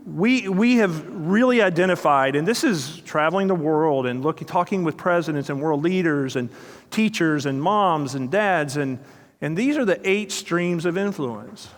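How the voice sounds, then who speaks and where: Man telling stories in a reverberant hall. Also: a little high. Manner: storytelling, acting out quoted dialogue; questions the audience directly. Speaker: speaker. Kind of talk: motivational talk to a live audience. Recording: long reverb of a large hall.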